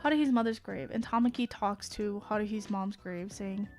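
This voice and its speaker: A woman's voice: mid-range voice, normal speed, a little mellow, faint music behind. A young woman streamer casually retelling an anime plot. She rambles, swears freely and laughs often as she talks. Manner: laughs often while talking.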